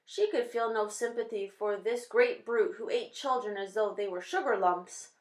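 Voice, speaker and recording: A woman reading a children's novel aloud with steady, expressive storytelling. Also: medium pitch, moderate pace. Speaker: reader. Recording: roomy echo.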